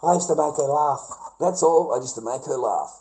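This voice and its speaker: A man's voice: a little high, a little fast, warm tone, poor audio. An Australian man rambling through a livestream monologue, swearing constantly, repeating himself and calling listeners mate and bro.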